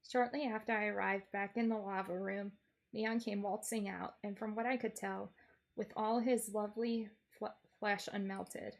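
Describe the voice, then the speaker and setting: A woman's voice: mid-range voice, steady tone, normal speed, gravelly. A woman streamer narrating a game in character, in a wry, playful first-person storytelling manner.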